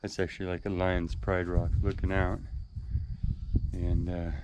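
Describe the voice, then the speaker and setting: A man with a deep, monotone voice narrates at a measured pace while climbing a rocky trail for his hiking vlog, breathless and marveling at his discoveries. The outdoor camera audio sounds dull and carries background noise.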